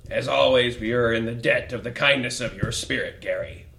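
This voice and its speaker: A man's voice: medium pitch, normal speed, gravelly, pushed and bright, a little hiss or hum. A man playing a tabletop game in character, easygoing and sly. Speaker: player.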